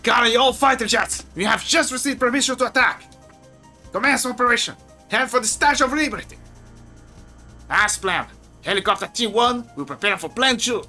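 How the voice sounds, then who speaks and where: A man's voice: very high voice, animated, moderate pace, bright, forceful tone, faint music behind, full character voice. A man voicing a stern navy admiral who barks orders during a game playthrough. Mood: commanding. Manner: barking orders. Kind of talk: voicing game dialogue while playing.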